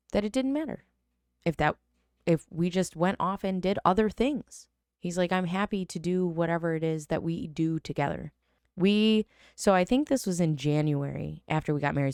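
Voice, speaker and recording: A woman in her thirties hosting a podcast, telling a personal story in a chatty, animated way with many fillers and self-corrections. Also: lowish voice, clean tone, dry recording, clean studio sound. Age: 30s. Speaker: podcast host. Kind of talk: casual storytelling.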